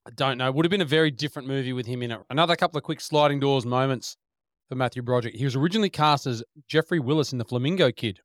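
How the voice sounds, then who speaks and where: A fast-talking man presents movie trivia on a casual podcast. He reads out the facts briskly, at a mid pitch. The sound is dry and close. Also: no echo.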